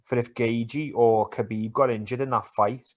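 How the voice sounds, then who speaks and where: A man co-hosts a casual sports podcast. He talks in an animated, sweary way and teases his mate often, at a mid-range pitch. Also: normal speed, highs cut off. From England. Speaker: podcast co-host. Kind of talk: casual banter about football and MMA.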